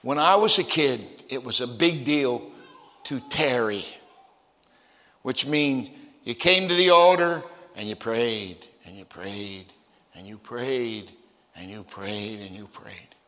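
A man preaching a sermon as pastor, telling stories in a folksy, conversational way, with stammered repeats, dropping low and then rising to loud, emphatic peaks. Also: long reverb tail. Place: church sanctuary.

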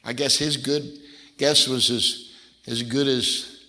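Preaching at a slow pace, an older man with a steady, medium-pitched, pushed and bright voice shares folksy stories from his own life during a sermon, performing the voices of the characters. The hall is reverberant.

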